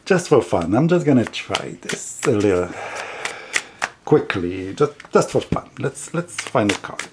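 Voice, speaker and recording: A man's voice: fairly low pitch, sing-song, measured pace, noisy background. A man with a heavy non-native accent chatting casually on his tarot vlog, rambling and giggling as he goes. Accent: heavy non-native English accent. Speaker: tarot vlogger.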